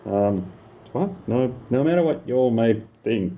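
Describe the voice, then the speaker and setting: A man's voice: medium pitch, expressive, a little slow, phone-quality sound. A man telling an absurd comic story about himself in the first person, rambling, swearing and talking back to his listeners.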